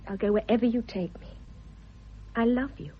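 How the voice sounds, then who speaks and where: Brief: actress playing playful young wife, husky, slightly high voice, muffled old radio sound. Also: female voice, moderate pace. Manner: playful, teasing. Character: spirited young wife, teasing and affectionate. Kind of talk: vintage radio drama acting. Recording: dull lo-fi old radio recording.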